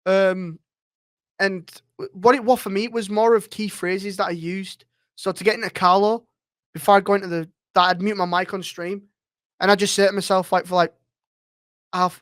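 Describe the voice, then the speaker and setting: A man's voice: high-pitched, level tone, normal speed, fairly bright tone, no echo, studio quality. A man talking as a roleplay streamer guest in a casual interview, rambling and swearing freely.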